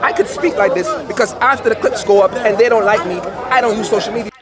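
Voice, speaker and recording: A man with a Jamaican accent lecturing another man sternly and deliberately, caught live on stream. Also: sits high. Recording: loud crowd in a big hall.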